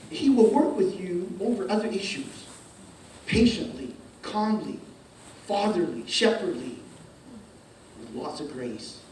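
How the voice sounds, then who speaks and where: A man's voice: sits high, a little slow, long pauses, a little hiss or hum. A man preaching a sermon as pastor, telling a personal story with lots of repeated words and "okay?" checks. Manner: repeats words and stammers, asks okay often; lively storytelling with acted-out scenes. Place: church hall. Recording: echoey hall from far off with faint ambience.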